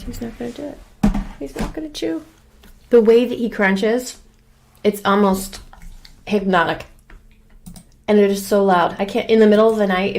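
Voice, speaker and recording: Gravelly-voiced chatty woman host. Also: medium pitch, darkish tone. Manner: chatty and rambling, fussing over her dog between topics. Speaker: true crime channel host. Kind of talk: casual chat to viewers.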